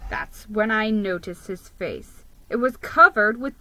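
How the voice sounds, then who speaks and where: A woman reading a children's book aloud in an animated, expressive way. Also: medium pitch, measured pace, no echo, low-quality recording. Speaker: reader.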